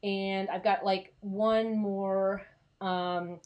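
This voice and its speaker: A woman's voice: mid-range voice, steady tone, very slow, lo-fi sound. A young woman coaching freelance writers in a casual, chatty live stream, reassuring and full of fillers.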